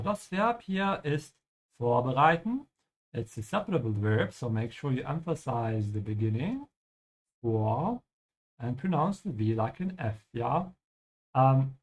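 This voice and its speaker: Male language teacher, patient, explanatory, frequent check-ins, mid-pitched voice. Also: darkish tone. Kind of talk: explaining vocabulary over gameplay.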